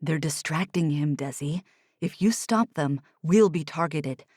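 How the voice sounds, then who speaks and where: A woman narrator voicing Oliver, a tense, steady young male soldier who speaks hard and low. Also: unhurried, no echo, studio quality. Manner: hard, clipped, low and urgent. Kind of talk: audiobook character voice.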